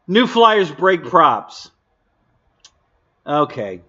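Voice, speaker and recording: A man's voice: a little high, sharp tone. A man hosting a live stream, chatting casually and bluntly, laughing often and answering viewers' comments. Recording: dull lo-fi stream audio.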